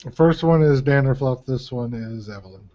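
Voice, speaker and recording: A man's voice: medium pitch, normal speed, warm tone, muffled recording, slight background noise. A man playing a tabletop game, hesitant and unsure as he tries out names. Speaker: player. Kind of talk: casual table banter.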